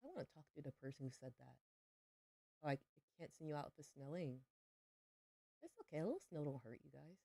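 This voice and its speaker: A woman's voice: sits low, very animated, quick pace, vocal fry, long pauses, warm tone, no room sound, studio quality. A young adult woman streaming a farming game, chatting playfully with her viewers. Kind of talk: casual livestream chat while gaming.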